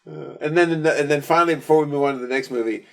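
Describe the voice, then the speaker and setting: A man's voice: a little high, rapid-fire, creaky. A man co-hosting a podcast, animatedly retelling scenes from a movie. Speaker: podcast co-host. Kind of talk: casual chat about movies.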